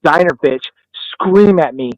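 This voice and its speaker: This man speaks in a high, light register, close to the mic in a dry room. He tells profane, animated stories in casual podcast chat and acts out every quote. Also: a little slow, dry recording, dull audio. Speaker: podcast host.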